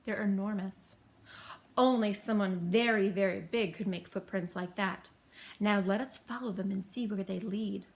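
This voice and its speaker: A woman voicing a pompous male detective who declaims slowly and grandly. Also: medium pitch, steady tone, vocal fry, close to an everyday voice. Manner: grand, declaiming, slow and emphatic. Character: pompous self-proclaimed great male detective.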